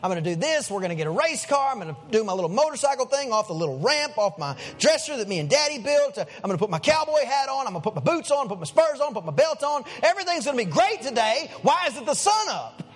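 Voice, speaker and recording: A man playing his restless little son, rattling off plans in excited run-on chatter. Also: extremely high pitch, quick pace, few pauses, voice pushed up, full character voice. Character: restless eager little boy, the pastor's son.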